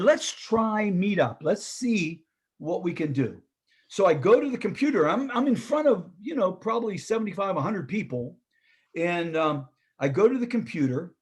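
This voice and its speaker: Husky animated male storyteller. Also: a little high. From Pittsburgh, US. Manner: animated storyteller, acts out quoted dialogue. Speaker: presenter. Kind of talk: storytelling talk.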